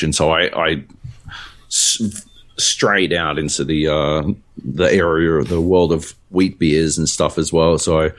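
Low-voiced man, rambling and profane. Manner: rambling, profane storytelling with many fillers. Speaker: podcast co-host. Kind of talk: casual chat.

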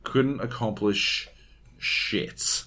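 A man co-hosts a casual gaming podcast in a lowish voice, drawing out his words. He swears freely, acts out quotes, and keeps his delivery animated.

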